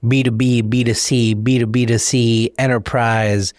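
A man hosting a podcast, asking plain, measured questions. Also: mid-range voice, little pitch movement, darkish tone, no echo, studio quality. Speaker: podcast host. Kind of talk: interview questions.

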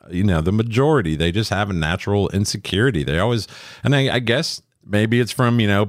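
Blunt, low-voiced man telling stories. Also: dry recording, clean studio sound. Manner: blunt, profane storytelling. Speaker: podcast co-host. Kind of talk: casual chat.

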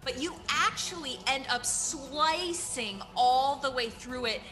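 A woman's voice: sits high, slow pace, sharp tone, faint music behind. A woman narrating as game master of a tabletop game, telling the action vividly with frequent giggles.

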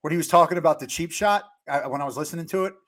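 A man's voice: fairly high pitch, racing, fairly bright tone. A man co-hosting a casual sports podcast, laid-back and profane, laughing along with the others. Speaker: podcast co-host.

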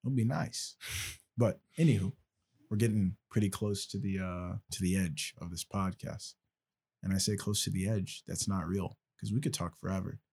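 A man's voice: deep voice, moderate pace, darkish tone, breathy edge. A man hosting a podcast in casual chat, loose, joking and rambling. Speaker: podcast host.

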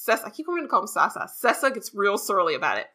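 Bright, gushing woman podcaster. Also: mid-range voice, very fast. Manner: animated, gushing recaps. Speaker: podcast co-host. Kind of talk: casual book discussion.

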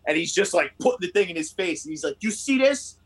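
A man telling a story in casual chat, animated and swearing, acting out what people said. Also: fast, husky, rough recording. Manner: animated, swearing, acts out quotes with rising pitch.

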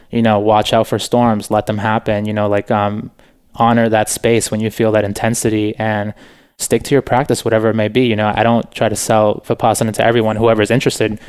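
A young man speaks as a podcast guest in an earnest, unhurried way, dropping "like" and "you know" often. His voice sits a little low and smooth, and it moves within a narrow pitch range. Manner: relaxed, earnest, many "like" and "you know" fillers. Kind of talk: casual interview chat.

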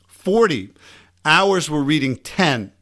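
A man with a Long Island accent hosting a casual, energetic podcast conversation. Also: mid-range voice, normal speed. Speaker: podcast host.

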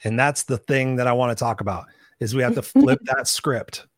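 A man's voice: mid-range voice, wildly swooping pitch, moderate pace, dry recording, studio quality. A man hosting a motivational interview as a life coach, talking emphatically and punchily and swearing freely.

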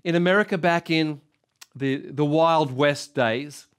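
A man in his sixties with an Australian accent preaching a sermon, emphatic and repetitive, swinging between loud and soft. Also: a little high, measured pace, clean tone. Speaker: pastor.

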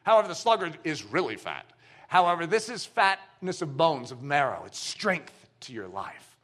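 A man preaching a sermon as pastor in a church, animated and acting out the voices he quotes. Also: a little high, moderate pace. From United States.

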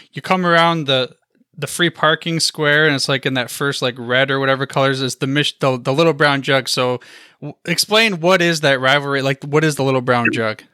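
Casting: male podcast host, casual and halting, bright clear voice, dry sound. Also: mid-range voice, dry recording. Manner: halting, laughs easily, many restarts. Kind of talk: casual interview chat.

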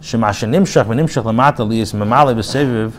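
A rabbi giving a casual spoken class, reading phrases aloud and then explaining them in plain talk, with restarts and fillers. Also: male voice, mid-range voice, fairly quick, slight background noise. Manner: reads Hebrew phrases then paraphrases them in English; frequent restarts and filler, conversational. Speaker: rabbi teaching a text class.

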